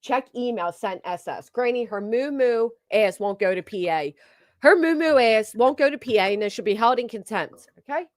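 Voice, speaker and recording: A woman's voice: fairly high pitch, no room sound, clean studio sound. A woman streamer giving blunt, sarcastic, profane gossip commentary while reading her chat, on a desk microphone. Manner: blunt, sarcastic, heavy cursing. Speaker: livestream commentator. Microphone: streaming desk mic.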